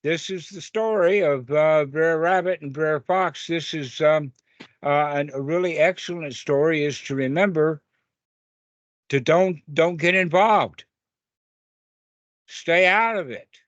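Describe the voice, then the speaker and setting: A man leading an informal Dharma talk over a video call. He rambles through stories in a folksy way, full of fillers. His voice sits a touch high, and the sound is dry and muffled. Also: a little slow, dry recording. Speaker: meditation teacher.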